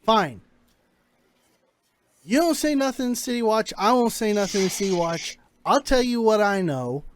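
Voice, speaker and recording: A man's voice: sits high, expressive, a little slow. A game master voicing a jumpy, grumpy hired thief, an adult man who rattles off nonstop, swearing and panicking, in a tabletop game. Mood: defensive.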